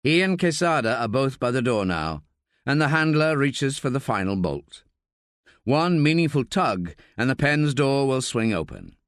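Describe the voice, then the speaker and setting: A man's voice: mid-range voice, sing-song, a little slow, dry recording, studio quality. A man narrating a tense thriller audiobook in a dramatic reading style. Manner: dramatic, voices shouted dialogue.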